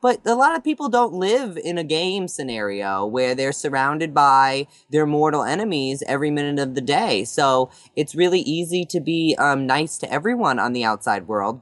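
A man answering interview questions casually, sassy and animated, laughing easily. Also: fairly high pitch, dry recording, clean studio sound. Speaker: reality show contestant.

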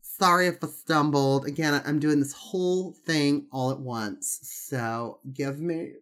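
A man's voice: on the high side, unhurried, fairly bright tone. A man hosting a comedic audio blog, reading cast blogs aloud with campy, playful asides. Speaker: podcast host.

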